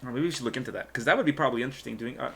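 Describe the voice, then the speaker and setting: A male host chats on a casual live stream, rambling with plenty of fillers and half-finished thoughts. His voice sits at an ordinary middle pitch for a man. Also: very fast, vocal fry, fairly bright tone, a little hiss or hum. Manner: rambling, trails off, lots of fillers.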